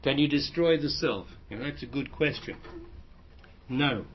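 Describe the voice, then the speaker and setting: On a dull, lo-fi recording, a man who teaches spirituality responds to questions from his audience. He speaks a little slowly in a mid-range voice, explaining things simply and often starting his phrases over.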